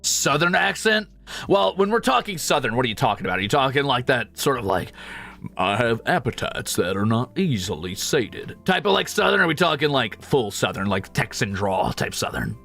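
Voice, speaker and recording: A man streaming casually, chatting with his viewers with quick asides and swearing. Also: mid-range voice, big pitch swings, gravelly, pushed and bright, faint music behind. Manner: casual, quick asides and profanity, shows off vocal range. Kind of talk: casual chat with chat readers.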